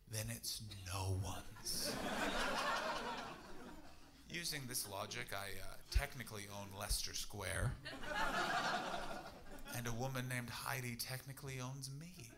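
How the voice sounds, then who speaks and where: A young man from Canada doing a brash stand-up set, muttering asides and then shouting at the crowd. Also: mid-range voice, very noisy. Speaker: stand-up comedian. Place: comedy club in front of a laughing audience.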